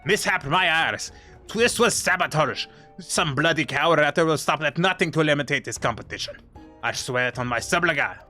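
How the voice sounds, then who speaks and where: A man's voice: mid-range voice, expressive, moderate pace, hardly any pauses, bright, forceful tone, faint music behind. A man voicing a brash, swearing male fighter with a made-up accent in a game read-along. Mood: angry. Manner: blustering, swearing.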